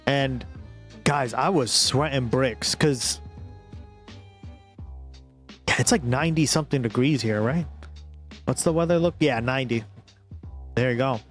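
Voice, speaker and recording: A man with a Boston accent streaming live, reacting to a video and talking to his chat in a loose, swearing style. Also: medium pitch. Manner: chatty, talks to his chat, swears casually. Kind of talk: casual live-stream commentary. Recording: faint music behind.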